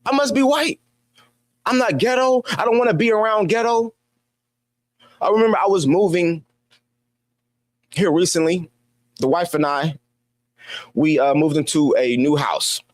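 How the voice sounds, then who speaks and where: A man's voice: fairly high pitch, dry recording. A man delivering an opinion commentary monologue, exasperated and emphatic, firing rhetorical questions and repeating his points. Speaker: commentary channel host.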